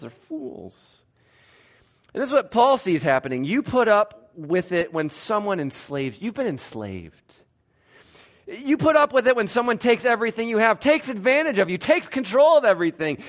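A male pastor preaching a conversational, animated sermon in church. He often restarts and corrects himself. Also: sits high, moderate pace.

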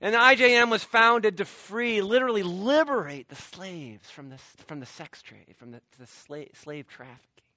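Male pastor, sermon delivery; swings loud to hushed, tense bright tone. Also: normal speed, dry recording. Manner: animated, swinging from loud emphatic peaks to quiet low asides.

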